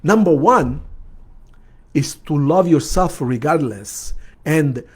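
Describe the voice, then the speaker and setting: Guy with a high voice, spiritual teacher, blunt, tells a story by acting it out. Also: animated, slow, husky. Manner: blunt, retells a dialogue by acting out both sides. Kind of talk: storytelling talk.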